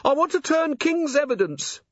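A man's voice: very high voice, big pitch swings, moderate pace, dry recording, highs cut off, voice pushed up. A man voicing a nervous, blunt-witted candle maker who whines and pleads in a wheedling tone. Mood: pleading.

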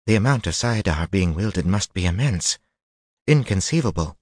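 A man's voice: sits low, animated, moderate pace, dry recording, pitched above the performer's own voice. A young sorceress woman, uneasy and awed with a thread of fear, put on by a man reading the story. Several steps above the reader's own voice, close and dry. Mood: fearful. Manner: hushed and uneasy.

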